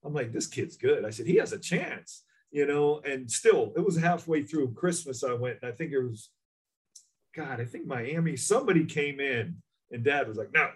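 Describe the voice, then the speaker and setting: A middle-aged man, a former basketball coach, telling recruiting stories in an animated way, acting out other people's lines. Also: mid-range voice, normal speed, husky. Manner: animated storyteller, acts out voices. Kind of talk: casual chat.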